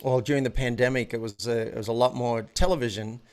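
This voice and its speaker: A man talking as a podcast guest and coach in a relaxed, animated way, often stopping and restarting his words. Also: mid-range voice, quick pace, smooth. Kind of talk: casual interview chat.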